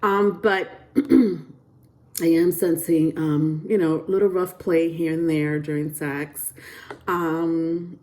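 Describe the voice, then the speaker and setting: A woman's voice: sits low, fairly even intonation, takes it slowly, a little mellow. A woman giving a casual tarot reading to camera, chatty and rambling with lots of fillers and restarts, often breaking into giggles. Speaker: tarot reader.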